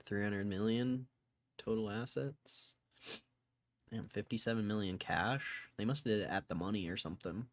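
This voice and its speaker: A man's voice: lowish voice, normal speed, no echo. A man livestreaming stock market commentary, thinking aloud in a casual way and swearing freely as he mock-rants. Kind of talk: casual live-stream commentary.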